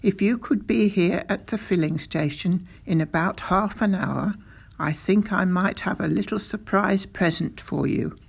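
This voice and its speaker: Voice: medium pitch, measured pace, creaky, breathy edge. A reader voicing a sly, proud father who runs a country filling station, speaking in a confiding way.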